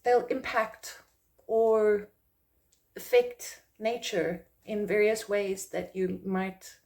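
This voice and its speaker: A woman's voice: mid-range voice, fairly even intonation, slow pace, darkish tone. A woman from South Africa, a psychic medium, talking casually to camera and acting out quoted reactions in a raised voice. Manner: rambling, with fillers and restarts.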